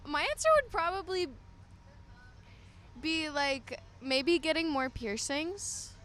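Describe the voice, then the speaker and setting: A woman's voice: sits high, animated, takes it slowly, fairly bright tone. A woman musician chatting in a bubbly, giggly way at a festival interview. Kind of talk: casual festival Q&A.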